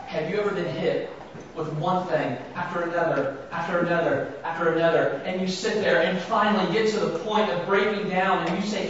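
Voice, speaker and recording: A man's voice: fairly high pitch, fairly even intonation, normal speed, noisy background. A man preaching a sermon who keeps asking his congregation rhetorical questions and acts out the words of scripture with rising emphasis. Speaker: pastor. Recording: very echoey, distant, dull sound.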